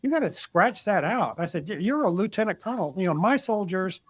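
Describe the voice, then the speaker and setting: An older man recounts his army days in a casual, plainspoken way, often repeating words as he restarts a sentence. His voice sits fairly high for a man. The sound is close and dry, with no room echo. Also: animated, a little fast. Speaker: retired army general, podcast guest. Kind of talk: casual storytelling interview.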